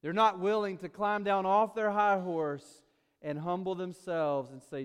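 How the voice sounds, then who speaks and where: A man preaching a sermon as pastor, swinging between loud urgency and quiet asides. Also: high voice, steady tone, measured pace, clear, resonant tone, long reverb tail.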